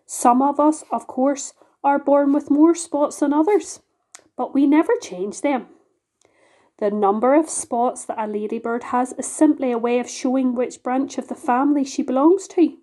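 Woman reading prim lady ladybird, modest yet proud, mellow tone. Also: high voice, normal speed. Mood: genteel. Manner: genteel, prim.

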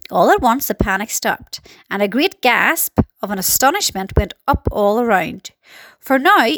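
Woman reading a kids story out loud, high voice, very animated. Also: no echo. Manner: expressive, dramatic. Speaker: narrator.

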